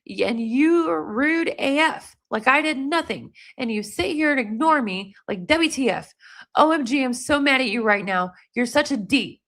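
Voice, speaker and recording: A woman reading aloud the angry texts of an upset young woman to her boyfriend, in a rapid, exasperated way. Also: sits high, lively intonation, fairly bright tone.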